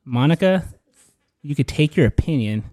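A man's voice: on the high side, expressive, normal speed, darkish tone, dry recording. A man co-hosting a casual podcast, joking crudely and laughing often. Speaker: podcast co-host. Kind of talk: casual chat.

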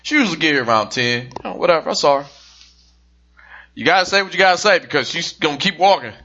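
Casual man co-host, lively swing in pitch, jokey storyteller, dull audio. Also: fast talker. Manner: animated, jokey, swears casually. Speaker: podcast co-host.

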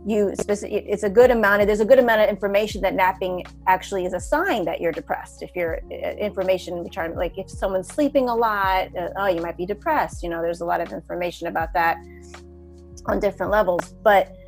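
A woman's voice: medium pitch, fairly quick, soft background music. A woman hosting an interview, asking questions and affirming her guest in an encouraging way. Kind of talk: conversational interview.

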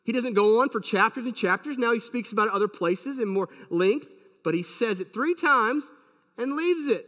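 Male pastor mid-sermon, emphatic, high-pitched, with a long reverberant hall tail. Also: expressive, normal speed, a bit bright. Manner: emphatic, many rhetorical questions.

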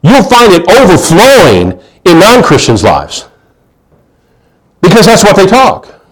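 A male pastor preaching a sermon in a folksy storytelling manner. He swings between loud emphasis and hushed asides and often restarts his sentences. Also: high-pitched, wildly swooping pitch, measured pace, slightly rough.

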